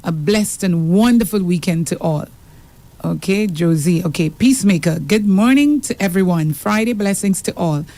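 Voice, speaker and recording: Woman radio co-host, Saint Lucian accent, mellow lowish voice, reads messages aloud, laughs often. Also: moderate pace. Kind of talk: casual radio chat.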